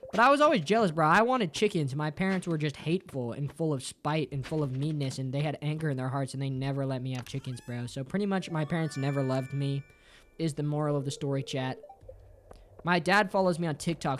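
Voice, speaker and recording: A streamer chatting casually with viewers in a playful, jokey way, swearing a lot and ending sentences with "bro". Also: slight background noise. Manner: playful and jokey, with big jumps up and down in pitch. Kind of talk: casual livestream chat with viewers.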